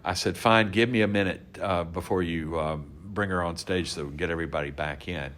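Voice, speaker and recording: Casting: man with a deep voice, relaxed anecdotal storyteller, podcast guest recounting event stories. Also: fairly quick. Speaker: guest, convention organizer. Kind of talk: casual storytelling interview.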